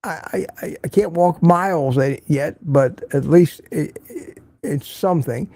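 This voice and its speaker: A man's voice: on the high side, measured pace, dark tone, husky, no room sound. An older man hosting a casual livestream, reading viewer comments and giving blunt, opinionated remarks that he often repeats for emphasis. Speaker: livestream host.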